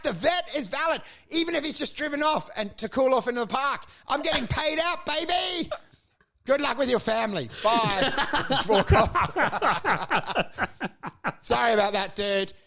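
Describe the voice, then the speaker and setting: A man co-hosting a crude comedy podcast, riffing excitedly, swearing and laughing. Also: extremely high pitch, normal speed, gravelly, a loud crowd. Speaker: podcast co-host.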